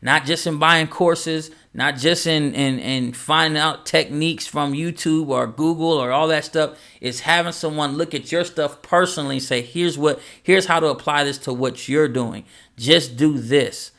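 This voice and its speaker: A man's voice: on the high side, moderate pace. A man, a music producer who coaches other producers, talking casually and with energy and acting out quoted advice. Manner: animated, acts out quoted dialogue, repeats phrases. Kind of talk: casual motivational talk to camera.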